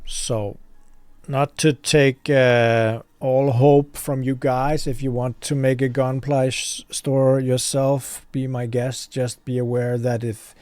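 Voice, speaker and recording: Gravelly man talking candidly. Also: mid-range voice, darkish tone, dry recording. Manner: candid, rambling, self-deprecating. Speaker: online hobby shop owner. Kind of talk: casual vlog talk to viewers. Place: his warehouse.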